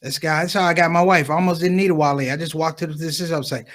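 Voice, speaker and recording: A man's voice: fairly high pitch, racing, few pauses. A man doing stand-up comedy, talking straight to the crowd and acting out the people in his stories. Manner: animated, acts out others' voices, talks to the crowd.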